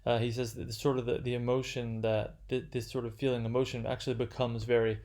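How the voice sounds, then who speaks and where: Male lecturer, mid pitch, halting delivery with many fillers and restarts, unscripted lecture. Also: level tone, a little mellow. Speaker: literature lecturer.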